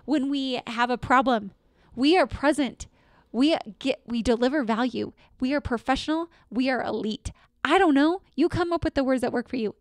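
Energetic woman podcast host, dry mic. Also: fairly high pitch, no room sound. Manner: energetic, emphatic, repeats affirmations. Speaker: podcast host and dental practice consultant. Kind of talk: solo motivational podcast talk.

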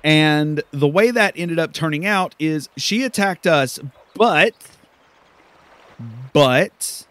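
A man's voice: a little high, expressive, slow, long pauses, a bit bright. A man casually commenting on his gameplay, rambling and correcting himself as he goes. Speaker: let's play host.

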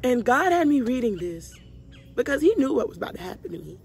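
A young woman vlogger leads a Bible study, preaching casually to her viewers, whom she calls y'all. She speaks emphatically and from the heart, repeating lines for stress. Her high voice is sing-song, fairly quick, creaky and a little mellow.

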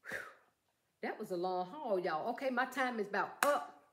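A woman vlogger chatting excitedly about her shopping haul and calling out to her viewers as she goes. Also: medium pitch, normal speed. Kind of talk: casual haul vlog chat. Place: room at home. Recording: echoey room.

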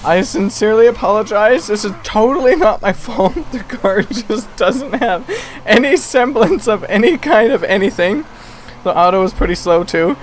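A man's voice: high-pitched, expressive, normal speed, slight background noise. A young man giving jokey, self-mocking let's play commentary, laughing often. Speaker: gameplay commentator.

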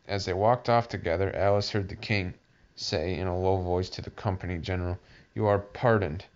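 A man narrating a storybook aloud, halting with frequent restarts. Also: deep voice, steady tone. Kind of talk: audiobook reading. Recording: dull lo-fi recording.

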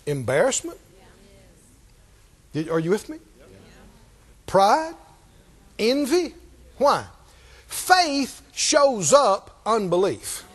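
Man, pastor, sermon, high voice, lively pitch, acts out voices, calls to the crowd. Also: drawn-out words, long pauses, breathy edge. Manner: animated, calls out to the congregation, acts out Bible voices.

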